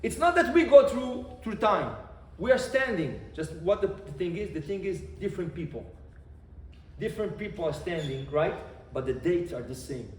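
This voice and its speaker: A man, a rabbi, giving an animated Torah lesson, repeating phrases and quizzing his listeners. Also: sits high, normal speed. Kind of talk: Torah lesson to a live group. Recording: echoey room, faint background noise.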